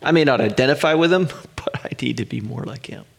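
A middle-aged man pastor preaching a sermon, earnest and emphatic, stretching out pauses to land his points. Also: mid-range voice, expressive, gravelly.

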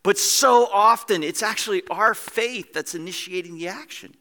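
A man preaching a sermon as pastor, animated and acting out scenes in different voices, in a church hall. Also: high-pitched, normal speed.

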